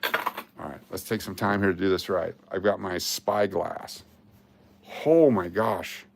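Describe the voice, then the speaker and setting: A deep-voiced man with a gravelly, fry-heavy tone talks to camera while searching through coins. He mutters dates and mint marks as he goes, gets excited over a possible find and groans at the misses. It is a loose, casual commentary. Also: measured pace, slight background noise. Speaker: coin roll hunting host. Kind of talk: casual coin-hunting commentary.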